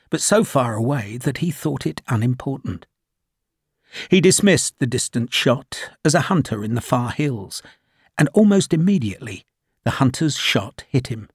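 A man reading a novel aloud as the audiobook narrator, in measured, even storytelling. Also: mid-range voice, slightly rough, no room sound, clean studio sound.

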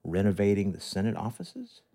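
A man's voice: lowish voice, very animated, moderate pace, gravelly, warm tone. A man hosting his podcast in casual chat, joking with a dry, sarcastic tone into a studio microphone. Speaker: podcast host.

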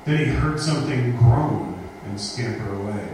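A man's voice: mid-range voice, expressive, moderate pace, a little mellow. Man reading a ghost story, echoey. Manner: dramatic groaning voices for the monster. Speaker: host of a spoken word event. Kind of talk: reading a scary story aloud. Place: live event space. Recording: echoey room from far off with noise.

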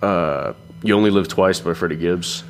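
A man's voice: sits low, moderate pace, slight background noise. A young man co-hosting a casual music review chat, laid-back and rambling, with many fillers and restarts. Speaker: co-host.

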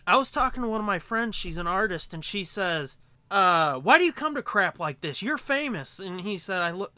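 A man co-hosting a podcast, telling a story in casual chat, animated and profane, acting out quotes. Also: high-pitched, moderate pace, dry recording. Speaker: podcast co-host.

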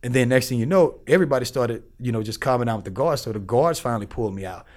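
A man's voice: medium pitch, fast talker. A man telling a story as a podcast guest, in streetwise slang, acting out the people he quotes. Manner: animated, acts out the people he quotes.

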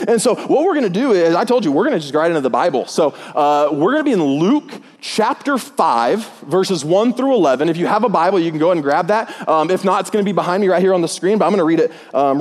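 A pastor preaching a sermon in a church, telling jokes and stories in a playful, animated way. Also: male voice, high voice. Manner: joking, animated storytelling with put-on voices. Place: church auditorium. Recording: long hall reverb.

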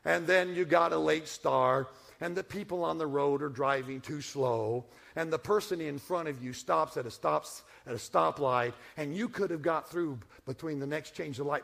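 Middle-aged male pastor, slightly high gravelly voice, humorous folksy sermon delivery. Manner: folksy, humorous, swings from hushed to loud.

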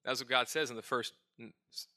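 A man's voice: medium pitch, fairly even intonation, fairly quick, sharp tone. A middle-aged male pastor preaching a sermon, earnest and self-searching with touches of light humor.

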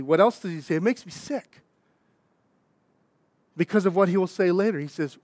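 A young adult pastor, preaching a sermon in a conversational, animated way, with asides and acted-out quotes. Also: male voice, high-pitched, normal speed, long pauses, no echo.

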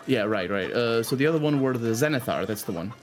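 Male tabletop player, quick to laugh, self-correcting, faint music. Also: mid-range voice, animated. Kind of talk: casual game play.

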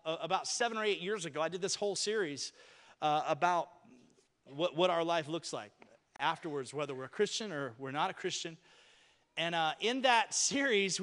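A man preaches a sermon in a conversational way, talking to his congregation. His voice sits fairly high for a man. The church adds a long reverb tail. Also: fairly bright tone. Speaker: pastor. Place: church sanctuary.

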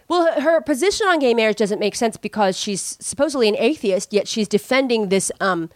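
A woman's voice: a little high, expressive, fairly quick, no echo, studio quality. A woman hosting a casual chat, talkative and full of questions. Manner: chatty, asks lots of questions.

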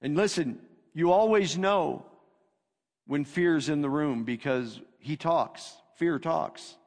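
A male pastor preaching a sermon, emphatic and repetitive, swinging between loud declarations and hushed lines. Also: a little high, slow. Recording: long reverb of a hall.

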